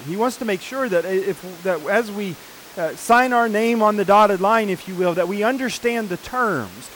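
A man's voice: high-pitched, a little hiss or hum, low-quality recording. A man preaching a sermon, earnestly explaining scripture passages in a teaching manner.

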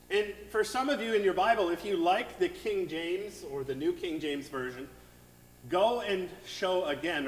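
A man, the pastor, preaches in a conversational way with a fairly high, animated voice that rises and falls often. His words ring through a large, reverberant sanctuary. He keeps checking in with the listeners. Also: slight background noise. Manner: conversational preaching with frequent "right?" asides. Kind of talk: sermon. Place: church sanctuary.

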